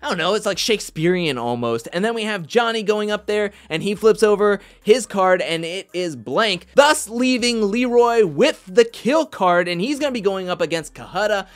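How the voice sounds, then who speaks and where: A man hosting a casual recap of a reality competition show, chatty and animated, often quoting others in mock voices. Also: high-pitched, normal speed, few pauses, faint music behind.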